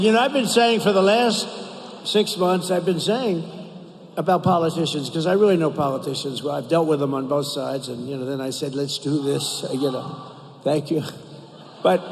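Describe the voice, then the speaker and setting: An older man delivering a rambling campaign speech in a big arena, his voice pitched fairly high for a man. He repeats phrases for emphasis and keeps turning to the crowd. A long reverb fills the hall, with faint crowd murmur underneath. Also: a little hiss or hum. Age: 70s. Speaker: political speaker at rally. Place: large indoor arena.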